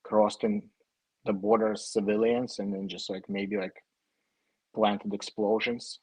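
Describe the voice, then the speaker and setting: Ukrainian-accented man, low husky voice. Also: level tone, a little slow, mellow, no echo, low-quality recording. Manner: hesitant, many fillers and restarts. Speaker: guest. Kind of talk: casual interview answers.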